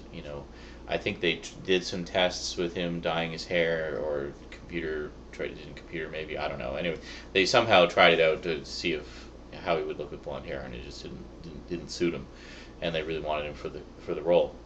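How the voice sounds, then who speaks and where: A man with a very low voice chats his way through a movie review, pausing often on ums and uhs. A faint hiss sits under the recording. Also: a bit bright. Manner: rambling, with many fillers. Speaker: YouTube reviewer. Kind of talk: casual review.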